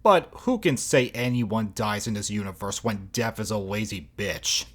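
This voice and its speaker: A man's voice: on the low side, moderate pace, fairly bright tone. A man reviewing video clips in mocking, exasperated commentary, swearing often. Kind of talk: sarcastic commentary over clips.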